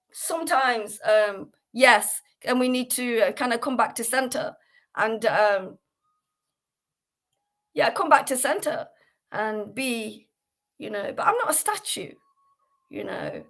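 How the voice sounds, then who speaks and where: A woman's voice: fairly high pitch, lively intonation, unhurried, pauses often, fairly bright tone. A woman from the United Kingdom hosting a devotional class on a livestream, talking earnestly with many fillers and restarts. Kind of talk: casual devotional livestream talk.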